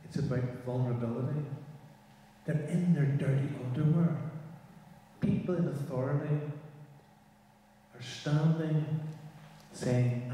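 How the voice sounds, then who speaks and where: A man, a mediator giving a measured, thoughtful workshop talk and reading a poem aloud. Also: medium pitch, mellow, a little hiss or hum. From Northern Ireland. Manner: measured, thoughtful, asks the audience questions. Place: large chapel. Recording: echoey chapel, mic far off.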